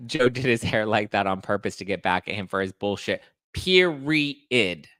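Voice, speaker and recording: A man's voice: lowish voice, normal speed, no echo. A man hosting a reality TV recap, chatting in a sassy, gossipy way and acting out cast members' lines. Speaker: podcast host recapping reality TV.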